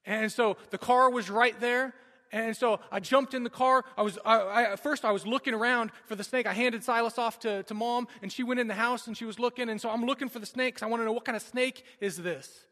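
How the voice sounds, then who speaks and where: A man in his thirties delivers a sermon, moving from loud urgency to near-whispered moments. His voice sits high and rings bright. A long reverb from a large hall trails each phrase. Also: steady tone, brisk. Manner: dramatic storytelling, swinging from loud urgency to hushed. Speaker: pastor. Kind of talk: sermon with personal story.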